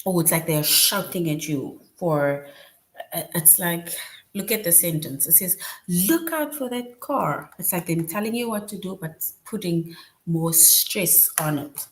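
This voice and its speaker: A woman's voice: on the low side, unhurried. A woman teaching a children's grammar lesson online, explaining patiently and often checking in with "right?".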